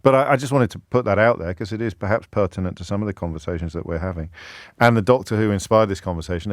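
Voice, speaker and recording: A middle-aged man hosts a radio phone-in from a studio mic, low-pitched and wry, looping through restarts as he builds a point. The sound is close and dry. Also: dry recording. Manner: wry, discursive, stumbling restarts. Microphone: studio microphone with headphones.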